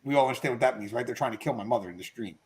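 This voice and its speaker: A middle-aged man hosting a livestreamed talk show, chatting casually and telling a story to his viewers in an animated way. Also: mid-range voice, racing, husky. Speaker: podcast host. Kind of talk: casual storytelling to a live chat.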